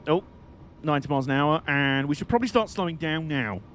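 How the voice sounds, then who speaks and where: A man giving excitable, jokey, mock-outraged live commentary while streaming a game. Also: fairly high pitch, quick pace, slight background noise.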